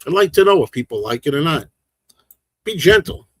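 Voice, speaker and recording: A man in his sixties from a big northeastern US city, hosting a casual livestream chat in a fast, passionate, rambling way with frequent restarts. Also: on the high side, animated, no room sound. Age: 60s. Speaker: livestream host.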